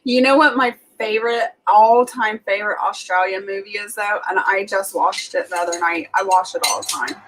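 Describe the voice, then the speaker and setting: This is a woman with a Southern US accent talking casually to her viewers on a livestream. She rambles easily from comment to comment at an ordinary pitch. A faint hum of background noise sits under her voice. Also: steady tone, normal speed, few pauses, a bit bright, low-quality recording. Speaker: livestream host chatting with viewers. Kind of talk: casual live chat reading comments.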